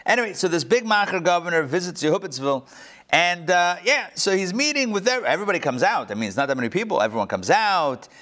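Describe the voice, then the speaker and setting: A man's voice: high-pitched, quick pace. A middle-aged man teaching a class, telling jokes and asking his listeners questions as he goes. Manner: animated storyteller, joking and asking the class questions. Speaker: class instructor. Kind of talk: lecture with jokes to a live class.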